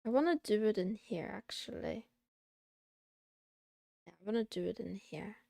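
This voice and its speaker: A woman's voice: medium pitch, normal speed, vocal fry, mellow, no echo. A woman VTuber streamer in casual livestream chatter while studying, muttering to herself and slipping in playful meows and silly sounds.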